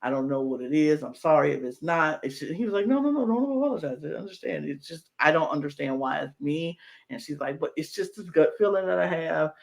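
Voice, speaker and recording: A woman's voice: deep voice, brisk, creaky. A woman co-hosting a casual reality-show podcast, retelling scenes and acting out the people in them. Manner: animated storyteller acting out quotes in put-on voices. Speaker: podcast co-host. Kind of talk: casual recap chat.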